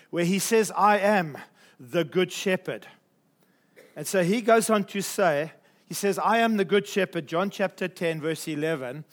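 A man preaching a sermon, emphatic and repetitive, slowing down to stress scripture lines. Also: high-pitched. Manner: emphatic, repeats key phrases, slows for scripture.

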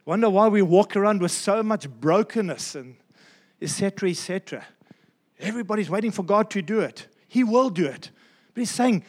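A man preaching a sermon as pastor, emphatic and repeating key phrases, slowing down to stress his points. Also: sits high, expressive.

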